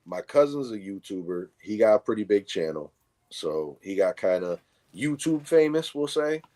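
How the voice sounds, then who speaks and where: A middle-aged man with a New York accent, co-hosting a casual chat and telling animated stories full of swearing, acting out what people said. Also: fairly low pitch, normal speed. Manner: animated storyteller, acts out quotes, heavy swearing. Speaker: co-host.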